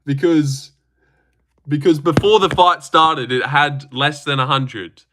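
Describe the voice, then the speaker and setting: A young Australian man hosting a casual livestream, reading viewer comments in a brash, animated way with lots of swearing. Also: slow pace, noisy background. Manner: animated and brash, swears a lot, big pitch jumps. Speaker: livestream host.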